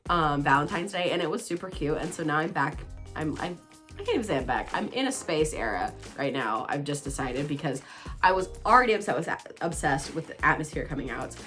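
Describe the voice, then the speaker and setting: Bubbly woman chatting, pitch swinging widely. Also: a little fast, soft background music. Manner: bubbly, excitable, self-teasing. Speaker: book vlogger. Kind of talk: casual chatty book talk.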